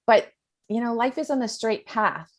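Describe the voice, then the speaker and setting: A woman's voice: a little high, lively intonation, unhurried. Earnest, rambling American woman coach on a video call. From United States. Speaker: spiritual coach, host. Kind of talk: spiritual talk on a video call.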